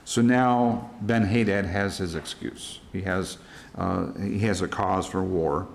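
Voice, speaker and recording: A man's voice: low voice, steady tone, takes it slowly, gravelly. A middle-aged American man leading a church Bible study, talking through worksheet questions in a plain, conversational way and retelling scripture in everyday words. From United States.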